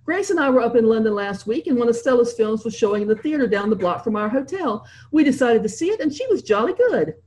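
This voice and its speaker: Woman reading bluff old gentleman, brusque, hearty, lively pitch. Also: fast talker, hardly any pauses. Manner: brusque, hearty, swears freely. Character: blustering older English gentleman, host of a dinner.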